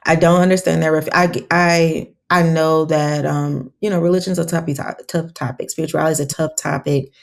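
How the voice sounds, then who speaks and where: A woman's voice: low-pitched, fairly even intonation, moderate pace, gravelly, few pauses. A woman herbalist, a guest on a podcast, telling stories in casual conversation and acting out her own quotes.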